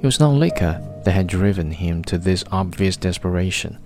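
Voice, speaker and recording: Low-voiced man narrating a novel. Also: animated, a little mellow. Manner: measured, literary first-person reading. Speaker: audiobook narrator. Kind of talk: scripted narration. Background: faint guitar music.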